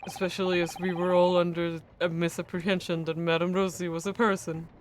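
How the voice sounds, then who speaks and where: A woman's voice: fairly low pitch, little pitch movement, fairly quick, a little hiss or hum, pitched below the performer's own voice, natural voice. A woman reading out the lines of a sly, formal nobleman prosecutor in a polished, mocking way.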